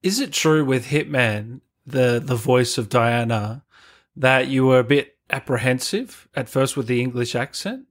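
A man hosting a casual interview over a video call, relaxed, prompting his guest and reading out viewer questions. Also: mid-range voice, a little slow. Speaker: interviewer host.

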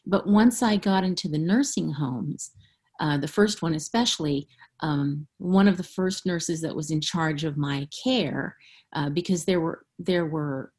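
Husky candid woman author being interviewed. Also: sits low. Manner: candid, frank, laughs often. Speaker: author guest. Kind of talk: interview conversation.

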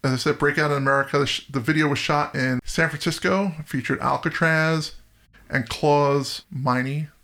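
A middle-aged man co-hosting a music podcast, chatty and reminiscing, quick to laugh. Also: on the high side, fairly even intonation, bright, forceful tone. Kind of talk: casual music chat.

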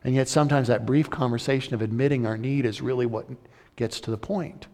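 A man's voice: medium pitch, fairly even intonation, fairly quick, darkish tone. Earnest preaching man in a reverberant hall. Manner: earnest, conversational preaching with frequent restarts. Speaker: pastor. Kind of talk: sermon.

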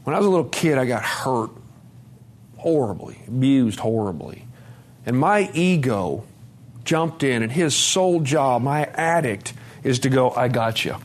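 A man giving a candid personal testimony at a conference, dropping to a hush and then rising loud and laughing. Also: mid-range voice, animated, measured pace. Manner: candid, swings between hushed and loud, laughing. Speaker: speaker sharing his recovery story. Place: conference hall.

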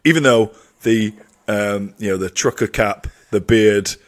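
A man's voice: lowish voice, measured pace. An English man co-hosting a podcast, chatting and teasing his co-host in casual banter. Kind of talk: casual chat.

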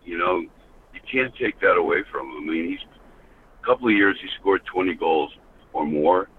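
A man's voice: low-pitched, animated, normal speed. An older American man and former hockey enforcer, telling rambling stories as a podcast guest, often saying "you know". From United States. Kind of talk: casual storytelling. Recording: tinny phone line with faint hiss.

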